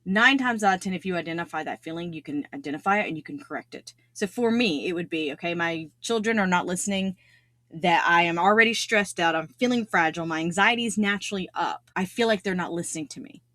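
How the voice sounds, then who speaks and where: A woman's voice: fairly low pitch, quick pace, a bit bright, no room sound. Earnest woman podcast host, dry sound. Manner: earnest, repeats key phrases for emphasis. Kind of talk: solo podcast talk on self-improvement.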